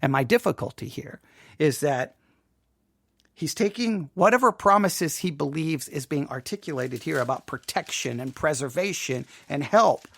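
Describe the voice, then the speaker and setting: A man's voice: a little high, lively intonation, moderate pace, gravelly, a bit bright. A Texan man hosting a theology show, rambling and self-deprecating with many restarts. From Texas. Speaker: host. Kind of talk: theology commentary.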